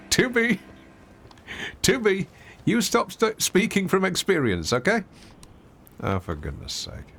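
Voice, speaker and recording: A man chatting his way through a video game stream, playful and self-mocking, his voice swinging widely up and down as he reacts. He talks slowly and unhurriedly, and faint music plays underneath. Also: high voice, huge pitch swings, a bit bright. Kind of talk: casual gameplay commentary.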